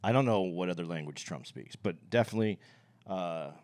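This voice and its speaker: Low-voiced, opinionated male podcast co-host. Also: lively intonation, a little fast, a little mellow. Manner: opinionated, thinks aloud and circles back to his point. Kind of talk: casual podcast chat.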